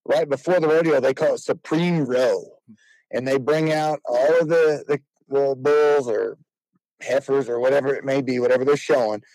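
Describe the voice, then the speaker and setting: A rodeo clown telling a funny story in a casual, animated way and slipping into voices for the people he quotes. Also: mid-range voice, moderate pace, no room sound, low-quality recording.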